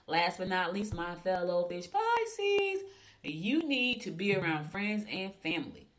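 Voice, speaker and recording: Chatty woman radio host. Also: fairly low pitch. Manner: chatty, emphatic, gossipy storytelling. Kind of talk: casual radio talk and horoscopes.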